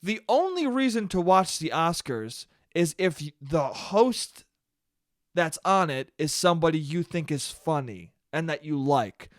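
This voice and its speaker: Young man, solo podcast rant, swearing a lot, fairly high voice, dry close mic. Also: measured pace, dry recording. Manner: profane, animated, talks to listeners as "dude". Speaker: podcast host. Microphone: studio mic he checks the levels on.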